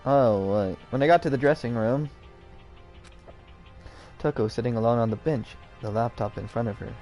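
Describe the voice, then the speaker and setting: A man streaming a story video game, reading the narration aloud in a casual, animated way. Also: medium pitch, moderate pace, soft background music. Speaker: gaming streamer.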